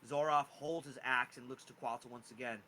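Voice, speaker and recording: A man narrating as game master of a tabletop game, animated and lively with frequent rising emphasis. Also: a little fast, a little hiss or hum, low-quality recording. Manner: animated, pitch jumping on key words.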